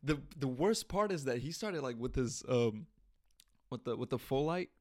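A young man hosts a podcast, launching into a casual comic rant where he swears and laughs at himself. His medium-pitched voice is expressive and a little mellow, at a moderate pace, recorded on a studio mic via an audio interface.

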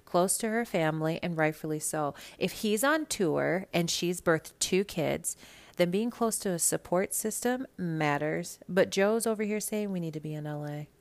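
A woman from Minnesota hosts her gossip podcast in a low voice with plenty of vocal fry. She is blunt and sassy and swears freely. Her talk runs as a loose, casual monologue. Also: normal speed. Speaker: podcast host.

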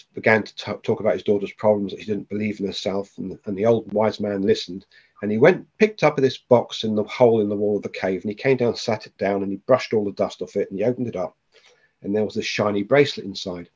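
Husky man telling a story. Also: fairly low pitch, fairly quick, dull audio. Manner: animated storyteller, acts out the voices he quotes. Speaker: podcast guest. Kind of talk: storytelling in a podcast interview.

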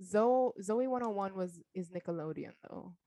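A young woman in a loose, casual chat with a friend. She teases in a playful way, and her speech drifts with ums and likes. Her pitch sits in the middle. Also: lively intonation, moderate pace, dark tone, no echo.

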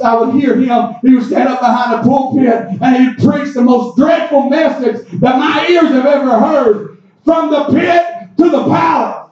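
Shouting high-voiced preacher man, echoey hall. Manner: shouting, impassioned preaching with "amen"s. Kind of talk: sermon. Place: church. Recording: echoey, distant, muffled hall mic.

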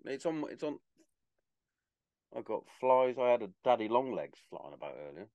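A man's voice: mid-range voice, very animated, moderate pace, darkish tone, dry recording, highs cut off. A man co-hosting a casual pub-style podcast, laid-back and sweary, with short bits of banter. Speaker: podcast co-host.

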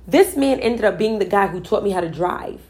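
A woman's voice: medium pitch, expressive, moderate pace, a little mellow. A woman telling a personal story about manifesting and spiritual guidance in an earnest, emphatic, conversational way, often repeating herself for effect. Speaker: spiritual speaker.

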